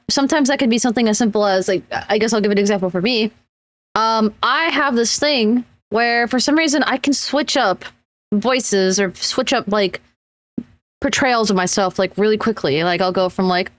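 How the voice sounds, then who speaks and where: A woman's voice: medium pitch, no room sound. A woman hosting a casual livestream Q&A, chatty with many fillers. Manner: chatty, quick, filler-heavy. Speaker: stream host.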